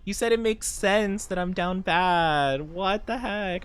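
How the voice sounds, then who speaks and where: A man streaming a game, chatting playfully and reacting to viewers in a lively, chatty way. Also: high voice, slow pace, smooth. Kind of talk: casual gaming stream chat.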